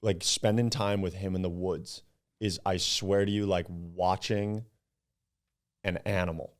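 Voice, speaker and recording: Deep-voiced man telling lively stories. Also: measured pace. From Upstate New York. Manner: animated storyteller, swears, acts out quotes. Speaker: podcast guest, club founder. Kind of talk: casual podcast chat.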